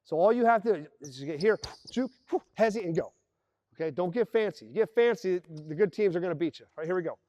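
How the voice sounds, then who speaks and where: Man, basketball coach, high voice, energetic play calls, on-court teaching, ball bounces in the background. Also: fast talker, lo-fi sound. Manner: energetic, calls out plays and acts out players' voices. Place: indoor basketball gym.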